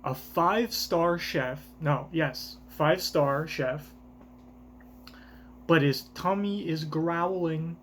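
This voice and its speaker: Guy reacting live, swears a lot, hypes things up, talks slow, faint hum behind. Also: a little high. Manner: excitable, profane, rambling commentary. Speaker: reaction streamer.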